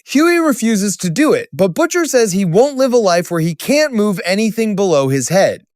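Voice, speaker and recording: Telling a scripted story recap in a sing-song, dramatic way, a high-voiced man lets his pitch swing widely and lifts it at sudden twists. His pace is moderate with few pauses, the tone darkish, and the recording close, dry, and free of room sound.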